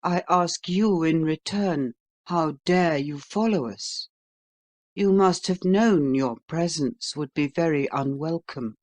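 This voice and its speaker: An audiobook reader voicing a calm, self-righteous gentleman who speaks in measured, contemptuous tones. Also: medium pitch, close to an everyday voice. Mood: calm contempt. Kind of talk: audiobook character reading.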